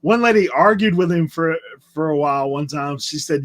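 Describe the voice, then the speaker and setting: This Outer Banks, North Carolina man has a blend of Southern and local Outer Banks accent and a slightly high, a bit bright voice at normal speed. Chatting casually on a live stream, he meanders from story to story and is quick to laugh.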